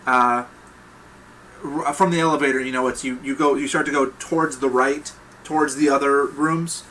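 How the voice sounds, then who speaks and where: Bright-voiced male game master. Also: mid-range voice, fairly even intonation, normal speed, a little hiss or hum, poor audio. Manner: loose, hesitant narration with restarts. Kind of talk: narrating a tabletop game.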